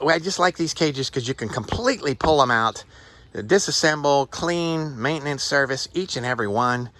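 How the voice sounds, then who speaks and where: Rambling homesteader type, male, bright gravelly voice, folksy and chatty, recorded outdoors in a tent. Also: mid-range voice. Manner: rambling, folksy, thinks aloud. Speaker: backyard rabbit raiser giving a tour. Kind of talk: casual walk-through vlog. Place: outdoor tent beside rabbit cages.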